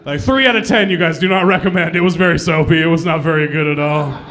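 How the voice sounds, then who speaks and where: A man's voice: on the high side, fast, a bit bright. A young adult man doing a self-deprecating stand-up comedy set on a club stage, laughing at his own jokes.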